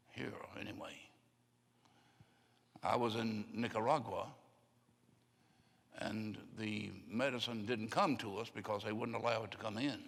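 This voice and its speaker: In a church sanctuary, an older man preaches a folksy, story-driven sermon as a pastor, frequently performing the voices of those he quotes. His voice is on the low side with vocal fry and a slight brightness. Long hall reverb colors the recording.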